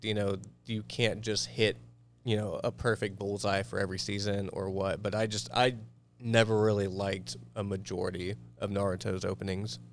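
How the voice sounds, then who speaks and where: A man co-hosting a casual podcast chat, explaining things in a relaxed way with fillers. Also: fairly low pitch, normal speed, slight background noise. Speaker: podcast co-host.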